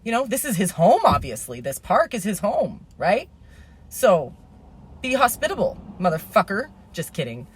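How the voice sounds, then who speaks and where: A woman's voice: fairly low pitch, big pitch swings, moderate pace, slight background noise. A woman in her thirties telling a rambling, indignant story as a vlogger, swearing and then apologizing for it.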